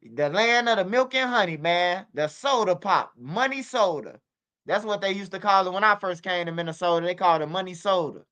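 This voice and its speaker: A man's voice: high-pitched, animated, fairly quick, pushed and bright, smooth. A man hosting a casual livestream, emphatic, repeating himself and swearing freely. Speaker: streamer and channel host.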